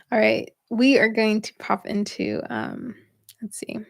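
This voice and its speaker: A woman's voice: mid-range voice, creaky, no room sound, studio quality. A young woman hosting a spiritual reading livestream, chatting casually with viewers and laughing often.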